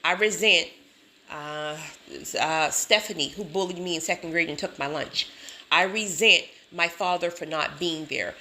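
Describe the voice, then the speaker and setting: A woman's voice: lowish voice, a little slow. A woman giving a sassy, emphatic motivational talk to camera, laughing often. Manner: sassy, emphatic, repeats catchphrases; laughs often, animated storytelling. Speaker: self-help vlogger.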